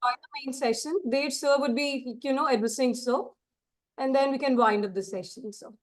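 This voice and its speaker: A woman's voice: high-pitched, moderate pace. A woman coordinating the session, wrapping it up politely and repeatedly addressing the examiner as sir. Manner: courteous, repeats "sir" often. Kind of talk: polite formal wrap-up.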